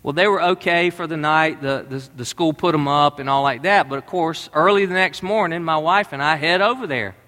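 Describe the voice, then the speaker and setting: Pastor, middle-aged man, high bright voice, folksy storytelling sermon, reverberant church hall. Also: fairly quick, hardly any pauses. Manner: conversational, storytelling preacher.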